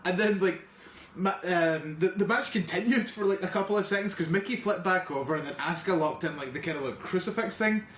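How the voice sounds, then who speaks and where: A man with a fairly high voice chats casually on a podcast, rambling and cursing as he retells stories. He sounds as if he is in a roomy, echoing space, with faint noise underneath. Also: fairly quick, fairly bright tone. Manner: rambling, swearing, acts out quotes. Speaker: podcast host. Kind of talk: casual chat.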